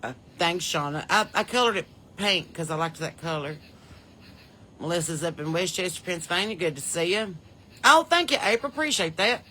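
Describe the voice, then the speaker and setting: A woman's voice: on the low side, animated, normal speed, pushed and bright, a little hiss or hum. Chatty Southern woman hosting a livestream. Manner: chatty, folksy, reads out viewers' names and places. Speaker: podcast host. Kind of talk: casual livestream chat greeting viewers.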